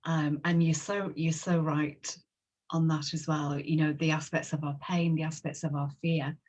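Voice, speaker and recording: A woman hosting a spiritual conversation, gentle and affirming, heard over a video call. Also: low-pitched, level tone, moderate pace. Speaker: host. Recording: dull lo-fi video call audio.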